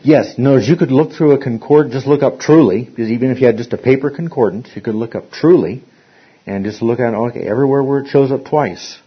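A man's voice: medium pitch, fast talker, husky. A man teaching an interactive Bible study, rambling and often repeating words as he restarts his sentences. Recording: dull lo-fi recording.

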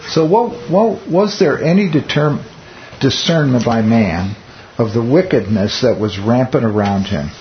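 A man leading a Bible study with a relaxed, conversational delivery. He peppers the teaching with rhetorical questions and wry asides. The recording is muffled and lo-fi, with a faint hiss underneath. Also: medium pitch, a little slow.

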